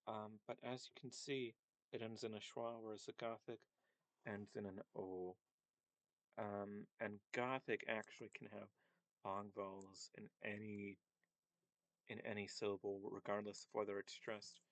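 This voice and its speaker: A man teaching a casual screen-share language lesson, thinking aloud with many ums and pauses. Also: fairly low pitch, flat delivery, dry recording, rough recording.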